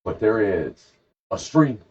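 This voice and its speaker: A low-voiced man rambles through a jokey story on a casual podcast, and his pitch rises and falls in lively swings. The recording is dull and lo-fi. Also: slow, husky. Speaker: podcast co-host.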